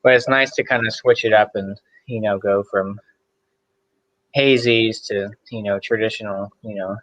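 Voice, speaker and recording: A man's voice: lowish voice, steady tone, moderate pace, a bit bright, rough recording. A man tasting beer and describing it in a rambling, casual way as a guest on a video call.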